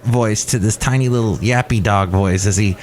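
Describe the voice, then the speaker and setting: A man's voice: on the low side, normal speed, a little mellow. A man hosting a podcast, telling rambling, playful stories in casual chat at a cafe. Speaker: podcast host.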